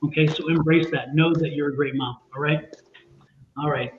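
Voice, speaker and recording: A man reassures a viewer during a streamed tarot reading, repeating himself earnestly. His voice sits a touch high and comes through a thin, phone-like call with a roomy echo. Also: fairly even intonation, normal speed. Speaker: tarot and psychic reader. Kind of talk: live-streamed psychic reading. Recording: echoey, phone-like line with faint noise.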